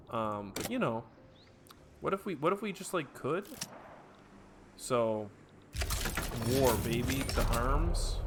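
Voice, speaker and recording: A man commentating his own strategy game playthrough, bursting into excited trash talk and then dropping to quiet mutters. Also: medium pitch, noisy background. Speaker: let's play gamer. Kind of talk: gameplay commentary. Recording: clear game music behind voice. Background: game background music.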